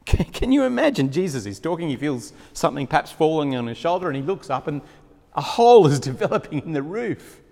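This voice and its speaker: A slightly high-voiced man preaching a sermon, telling the story vividly and chuckling as he goes. His voice rings with a long reverb from a large hall. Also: a little fast, creaky. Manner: storytelling, animated, chuckling often.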